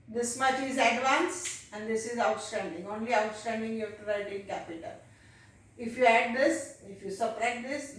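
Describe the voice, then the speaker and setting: A woman teacher with an Indian English accent walking a class through accounts step by step, often pausing with "uh" and "okay". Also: fairly high pitch. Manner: explains step by step, addresses children, frequent "uh" and "okay". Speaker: commerce teacher. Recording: echoey room, far from the mic.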